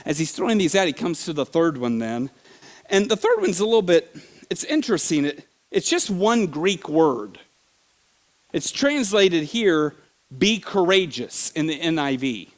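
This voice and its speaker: Middle-aged guy preaching in church, a bit high-pitched, gets loud and animated telling stories. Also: measured pace. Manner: animated storytelling, sudden shouts and laughs. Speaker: pastor. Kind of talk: sermon.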